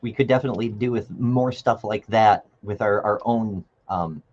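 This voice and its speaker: A man co-hosting a debate review, chatting casually in short, halting bits. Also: on the low side, darkish tone. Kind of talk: casual chat. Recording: dull lo-fi mic.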